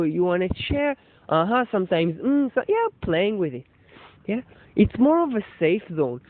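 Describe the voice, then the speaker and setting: A man's voice: sits high, dry recording. A man, a shop owner and storyteller, giving a meandering reflective monologue full of fillers and restarts. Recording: dry, tinny phone-like sound.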